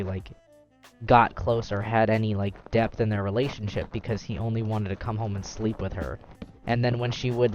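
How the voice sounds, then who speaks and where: A young man hosts a casual gaming chat, rambling loosely and throwing in lively acted-out quotes. His voice comes through slightly muffled, with game music playing faintly underneath. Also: on the low side. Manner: animated, rambling, acts out quotes. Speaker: gaming channel host.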